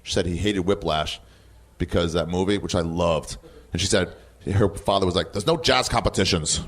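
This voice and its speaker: An American man in his thirties, a comedian chatting in an interview. His voice sits low, and he tells stories with lots of swearing and frequent laughter, jumping into other people's voices. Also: moderate pace. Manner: animated storyteller, acts out quotes, laughs often, swears. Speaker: comedian guest. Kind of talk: casual interview chat.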